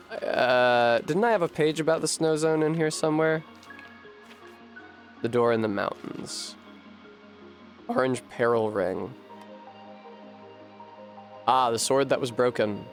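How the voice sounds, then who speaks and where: A man streaming a video game, chatting casually and thinking aloud to his viewers, swearing freely and getting animated. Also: mid-range voice, a little slow, long pauses, soft background music. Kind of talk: casual live-stream chat while gaming.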